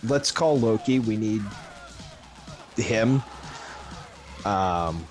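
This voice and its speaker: A man's voice: fairly low pitch, expressive, very slow, faint music behind. A man playing a tabletop role-playing game, casually planning his character's moves aloud. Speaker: player.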